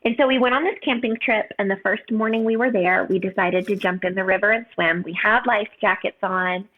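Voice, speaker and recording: A woman's voice: mid-range voice, brisk. Woman in her 30s telling a story, earnest and heartfelt, lots of "like", sounds like a phone call. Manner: earnest, heartfelt, many "like" fillers. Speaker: podcast guest. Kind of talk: personal storytelling. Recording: tinny phone-like line.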